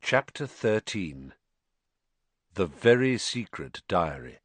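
A man reading a storybook aloud, narrating in a lively, expressive way. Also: sits low, takes it slowly, no room sound.

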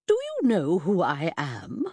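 A woman doing a cutting, haughty Victorian gentleman detective. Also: on the low side, wildly swooping pitch, slow pace, slightly rough, dry recording, studio quality, full character voice. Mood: imperious. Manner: cutting, precise, imperious. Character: haughty, sharp-tongued Victorian male detective. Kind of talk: audiobook character voice.

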